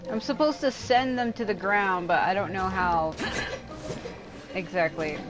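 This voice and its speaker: A woman's voice: mid-range voice, unhurried, music in the background. A woman streaming a video game, rambling and exasperated as she comments, swearing often. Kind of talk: casual live gameplay commentary.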